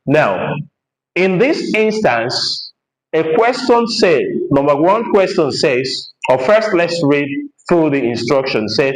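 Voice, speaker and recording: A man, a teacher explaining a lesson from a board, repeating points and pausing with frequent hesitations. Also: on the high side, very animated, roomy sound, rough recording. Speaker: English teacher.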